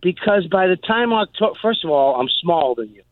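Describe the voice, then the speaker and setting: A man's voice: high-pitched, expressive, brisk, no echo, phone-quality sound. A man calling in as a comedian guest, boasting and joking in trash talk. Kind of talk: casual call-in banter.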